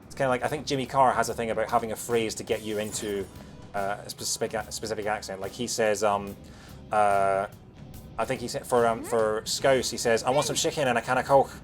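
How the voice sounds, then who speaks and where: A man with a Scottish accent softened by years in England, chatting quickly while streaming a game, with lots of fillers and restarts. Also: fairly low pitch, fairly even intonation, over music. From Scotland. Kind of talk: casual chat while playing a game.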